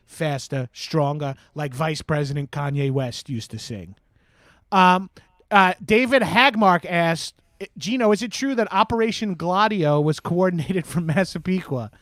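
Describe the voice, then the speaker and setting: A high, slightly bright male voice recorded at studio quality with no echo. In character as a swaggering, crude Long Island radio host, he brags, swears a lot, and says "bro" constantly while taking calls on an improvised comedy call-in show.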